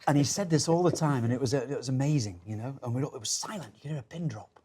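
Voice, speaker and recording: Scottish man in his fifties, emphatic storyteller at a relaxed dinner chat, mid-range voice. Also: medium pitch, quick pace, husky. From Scotland. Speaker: former Ryder Cup captain.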